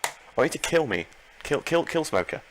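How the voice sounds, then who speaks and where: A man commenting live on his own Pokémon battle, excitable, talking to himself and his opponent and repeating phrases. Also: fairly high pitch, a little fast, slight background noise, rough recording. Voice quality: gravelly.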